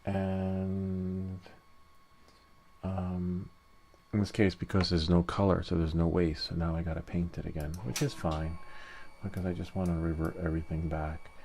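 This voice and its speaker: This man speaks a little slowly in a low-pitched, creaky voice, with a little hiss or hum on the recording. In a casual screen-share tutorial on 3D printing, he stays relaxed and reasons out loud step by step while working.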